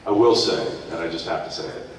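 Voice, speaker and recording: A man on a convention panel chatting casually and animatedly, breaking into squeaky voices to mimic. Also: animated, quick pace, a little hiss or hum. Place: large convention hall. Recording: echoey hall audio from far off.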